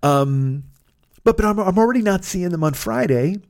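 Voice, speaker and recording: A man's voice: sits high, expressive, normal speed, gravelly, a little mellow, no room sound, studio quality. A man hosting a podcast, telling a story in a casual monologue, swearing a lot and sounding exasperated. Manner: profane, exasperated ranting. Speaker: podcast host.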